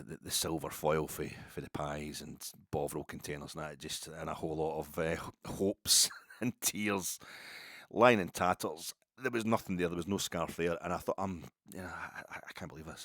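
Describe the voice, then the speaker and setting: A man's voice: a bass voice, fairly bright tone, dry recording, clean studio sound. A middle-aged Scottish man telling a rambling, self-mocking story on a podcast. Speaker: podcast host. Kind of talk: casual storytelling.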